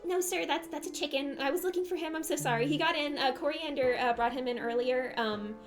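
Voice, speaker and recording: A woman's voice: high voice, fairly quick, music in the background, natural voice. A woman voicing a small, timid servant who speaks meekly and hesitantly. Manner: meek and hesitant, apologizing.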